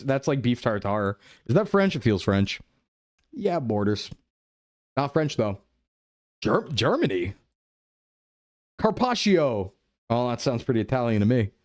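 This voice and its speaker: A young adult man streaming a game live, chatting playfully with his chat and thinking his guesses out loud. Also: mid-range voice, no room sound, clean studio sound. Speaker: VTuber streamer. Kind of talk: live-stream gameplay commentary.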